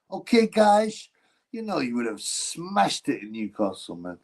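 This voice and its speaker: A man's voice: medium pitch, wildly swooping pitch, unhurried, low-quality recording. A man hosting a casual boxing livestream, reading chat and giving blunt, mocking opinions.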